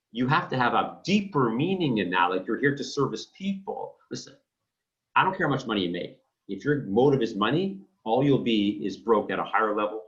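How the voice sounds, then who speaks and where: Male real estate coach, emphatic and lively, dull lo-fi audio. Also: medium pitch. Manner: emphatic and blunt, acts out phone calls. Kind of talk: coaching talk to realtors. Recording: dull lo-fi sound.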